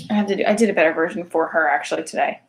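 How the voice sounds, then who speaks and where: A woman's voice: fairly low pitch, very fast. Rambling, sarcastic woman comic. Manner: chatty, digressive, full of "like" fillers; sarcastic, self-mocking. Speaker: single mother comic.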